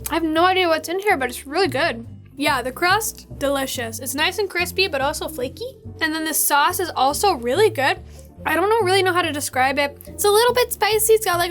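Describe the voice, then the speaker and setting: A young woman hosting a casual food tasting vlog, bubbly and chatty, full of excited fillers. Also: high-pitched. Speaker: host.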